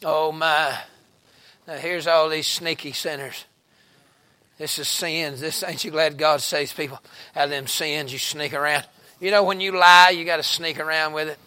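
A man preaching a revival sermon, telling stories in a folksy way and rising into shouted exhortation. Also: fairly high pitch, steady tone, moderate pace.

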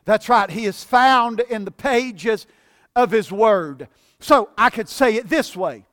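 A man preaching a sermon in a church service, swinging from shouted fervor to low, conversational teaching. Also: animated, takes it slowly.

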